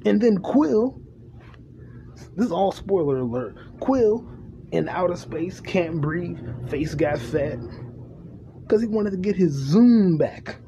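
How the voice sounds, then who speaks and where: A man's voice: high voice, animated, slow pace, pauses often, mellow. A man hosting a casual podcast, rambling profanely while playing a video game at home. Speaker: podcast host. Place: home room with a fan running. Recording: noisy home recording with fan hum.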